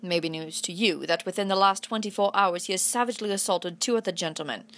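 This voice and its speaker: A woman voicing a cold, haughty aristocratic knight who speaks civilly but with clear superiority, in a storybook reading. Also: medium pitch, quick pace, a bit bright, lightly acted.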